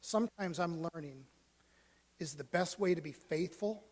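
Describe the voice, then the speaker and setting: A male pastor telling a story in a sermon, moving from hushed, almost whispered lines to loud, animated ones. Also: fairly high pitch, normal speed. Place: church sanctuary. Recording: long church hall reverb.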